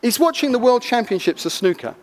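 A man with a high voice preaches to a gathered crowd. He tells his story in a lively, expressive way. His voice rings with the long echo of a large hall. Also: brisk. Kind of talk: sermon storytelling.

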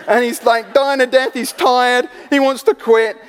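A man preaching a sermon, telling stories with animated energy and acting out the people in them. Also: extremely high pitch, measured pace, clear, resonant tone. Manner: animated storytelling, acting out voices. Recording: long hall reverb.

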